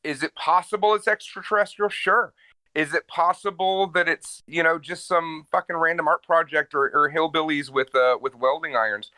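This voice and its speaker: A man co-hosting a comedy podcast, chatting casually in a playful, animated way from home. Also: a little high, normal speed, dry recording. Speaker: podcast co-host. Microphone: home microphone on a call.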